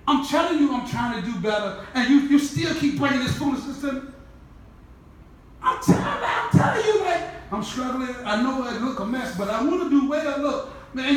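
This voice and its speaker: A woman's voice: high-pitched, big pitch swings, brisk, far from the mic, a little hiss or hum. Fiery woman preacher in an echoey church. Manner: fiery, conversational, shouts often, laughing asides. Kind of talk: sermon. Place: church sanctuary.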